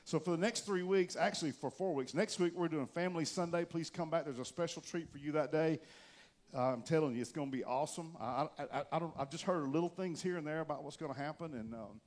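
A pastor gives a relaxed, chatty sermon in a fairly high voice. He jokes with the congregation between points. Now and then he pushes a word out with sudden loud emphasis. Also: quick pace. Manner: casual, joking, with bursts of loud emphasis. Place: church.

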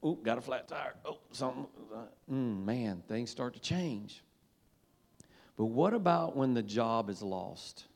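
A man's voice: medium pitch, lively intonation, a little slow, vocal fry, a little mellow. A man in the role of pastor, preaching a sermon in a folksy, conversational way and leading the congregation in call-and-response. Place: church sanctuary.

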